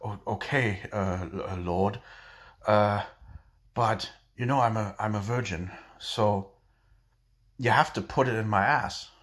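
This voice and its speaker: A man voicing a nun who stammers and then answers in a dry deadpan. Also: on the low side, slow pace. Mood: hesitant. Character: kneeling nun, unflappable and deadpan.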